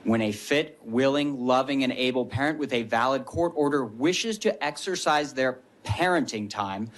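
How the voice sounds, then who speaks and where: A man reading a prepared statement as a witness at a legislative hearing, formal and measured. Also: mid-range voice.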